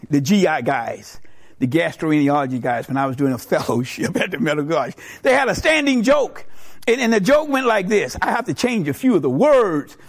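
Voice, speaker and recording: A middle-aged man preaching a sermon, telling a joke and acting out its characters in a storytelling manner. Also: a little high. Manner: storytelling, animated voices for characters.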